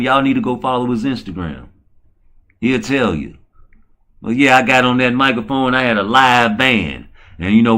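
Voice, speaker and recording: A man hosting a show in slangy, casual chat, talking low and quick and crooning slow love songs in a higher voice. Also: a bit bright. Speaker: show host.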